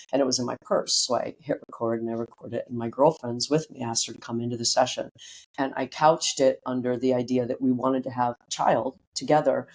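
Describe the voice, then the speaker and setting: A middle-aged woman guest tells a personal story in a lively, conversational way. She acts out what people said and swears casually. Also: rumbling low, quick pace. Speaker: guest, breathwork teacher. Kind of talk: personal storytelling in a podcast interview.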